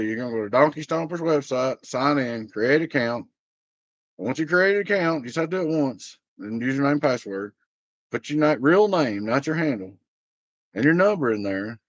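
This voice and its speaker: A blunt man rants to his viewers in a casual vlog and rambles through his grievances. His voice is mid-pitched. The recording is dry and a bit dull and lo-fi. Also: dry recording. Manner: blunt, aggrieved, rambling storytelling. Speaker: small business owner.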